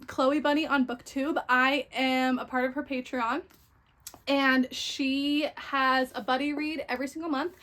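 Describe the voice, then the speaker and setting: A woman's voice: sits high, fairly bright tone. A young woman chatting casually about a book haul, gushing and full of fillers. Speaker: book vlogger.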